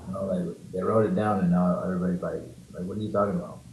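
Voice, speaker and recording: A man's voice: low-pitched, steady tone, fast talker, a little mellow. A man being interviewed in a casual chat, giving short, laid-back answers with sighs and fillers. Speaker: interview guest. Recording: echoey room, faint background noise.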